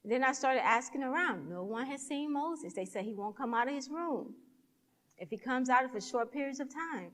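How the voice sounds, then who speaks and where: A woman's voice: high-pitched, expressive, normal speed, fairly bright tone, in a large hall. A woman speaker at a church event, telling a personal story in a sermon and acting out the dialogue with animation.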